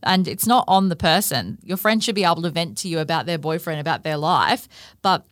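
Woman with a low voice, frank solo podcast host, casual swearing, dry close sound. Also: lively intonation, a little fast, fairly bright tone, no room sound. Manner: frank and heartfelt, with swearing and frequent "like" and "you know". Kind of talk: candid solo podcast monologue.

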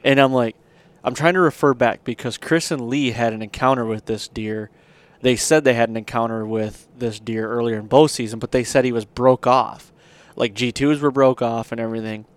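A man's voice: medium pitch, fairly even intonation, moderate pace, clean tone. A man hosting a podcast, telling a long hunting story in a rambling, casual way with lots of fillers. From Michigan. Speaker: podcast host.

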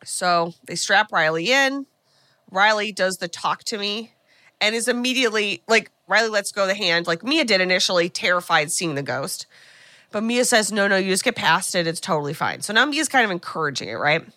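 A woman co-hosting a podcast, recapping a film in an animated, casual chat full of asides. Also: medium pitch, normal speed, dry recording. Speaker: podcast co-host.

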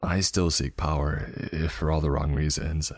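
A man narrating a dark first-person fantasy story in a grave, dramatic way, with faint music behind. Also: rumbling low, flat delivery, normal speed, no echo, studio quality.

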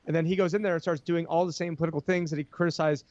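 A man's voice: fairly high pitch, flat delivery, rapid-fire, a little mellow, dry recording, muffled recording. A man talking as a podcast guest, explaining finance with heated energy and many restarts. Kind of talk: casual podcast chat.

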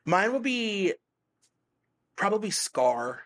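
A man's voice: on the high side, expressive, normal speed. A man co-hosting a podcast in casual chat, rambling with lots of fillers and frequent laughs, in a hazy, stoned state. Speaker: podcast co-host.

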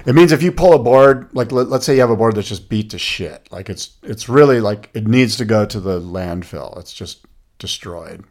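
A man co-hosting a casual podcast, telling stories and jokes in an animated way. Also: fairly low pitch, moderate pace. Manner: animated storyteller, rattles off lists. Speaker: podcast co-host. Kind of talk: casual chat.

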